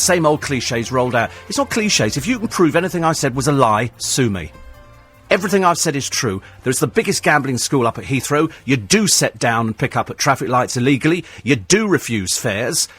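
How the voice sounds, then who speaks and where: A man's voice: medium pitch, sing-song, brisk, a bit bright, breathy edge, no echo, soft background music. A man hosting a talk radio phone-in, combative and sarcastic as he answers listener texts in a studio. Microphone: studio microphone.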